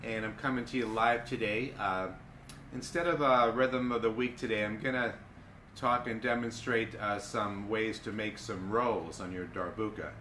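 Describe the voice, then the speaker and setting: A man teaching darbuka rolls in a live lesson, explaining in a relaxed, halting way with fillers and chanting drum syllables. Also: on the low side, slight background noise. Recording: echoey room with loud drumming. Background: darbuka drumming.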